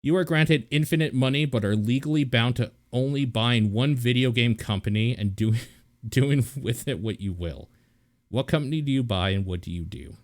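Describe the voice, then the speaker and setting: A man's voice: medium pitch, moderate pace. A man hosting a video game podcast, chatting casually, reading listener questions aloud and laughing often. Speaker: podcast host. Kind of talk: casual chat.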